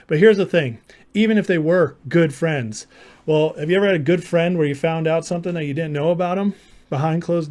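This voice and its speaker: Guy on a live stream, kinda high voice, combative and sarcastic, roasting people in chat. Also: a little mellow. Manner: combative, argumentative, mocking; sarcastic, mimics opponents in silly voices. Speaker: live show host.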